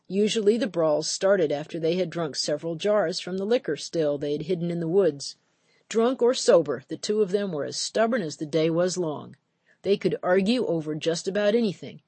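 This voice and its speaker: A woman narrating an audiobook in a measured, steady storytelling voice. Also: on the low side, dry recording. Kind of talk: scripted narration.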